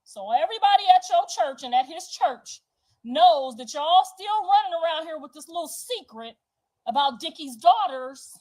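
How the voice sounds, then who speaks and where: A high-pitched woman on a livestream, launching into a heated personal rant. She is confrontational and profane, hammering her points home with repetition. Her voice sits well above the usual range. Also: animated, normal speed, darkish tone, low-quality recording.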